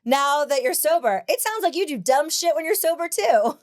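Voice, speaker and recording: A woman's voice: high voice, expressive, normal speed, no room sound, studio quality. A woman hosting a casual podcast chat, blunt and profane, laughing often. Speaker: podcast host.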